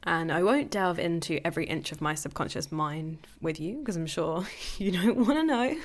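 A young woman talks through her personal news on her own podcast in a loose, candid monologue. Her voice sits a little low for a woman, and she breaks into small laughs as she goes. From England. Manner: candid and chatty, laughing often. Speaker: podcast host.

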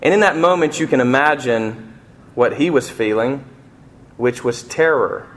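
A man preaching a sermon as a pastor, telling a personal story with passion and swinging between hushed and near-shouting delivery. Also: mid-range voice, measured pace, a little hiss or hum.

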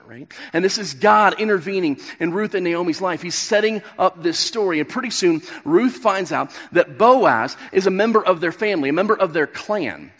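A man's voice: high voice, expressive, normal speed, a bit bright. A man in his thirties giving a sermon, retelling a story and acting out the characters' lines. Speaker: pastor. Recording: long reverb of a large hall.

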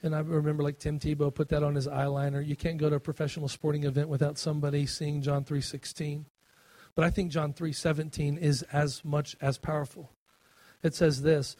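A man's voice: fairly high pitch, level tone, a little fast, mellow, no room sound. A middle-aged man preaching a sermon as a pastor, impassioned, rising on scripture quotes, with fillers and restarts.

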